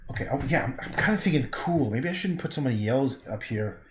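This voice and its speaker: Brief: Canadian painter on a livestream, loose and rambling, casual swearing, roomy echo. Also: male voice, medium pitch, animated, fast, background noise. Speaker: painter streaming his work. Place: art studio. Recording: echoey room.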